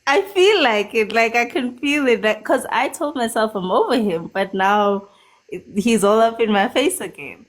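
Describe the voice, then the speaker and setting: A woman's voice: on the high side, lively intonation, normal speed. A woman in her thirties calling into a live stream, rambling about her ex and laughing often. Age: 30s. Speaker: caller. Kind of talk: casual chat on a live stream call.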